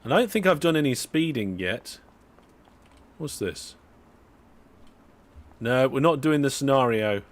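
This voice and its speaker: Young UK man, chatty live-stream gamer, talks to viewers mid-game, relaxed and rambling. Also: mid-range voice, measured pace, pauses often. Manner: chatty, talks to viewers while playing, frequent fillers and restarts. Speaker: streamer driving a train simulator. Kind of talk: casual live-stream commentary.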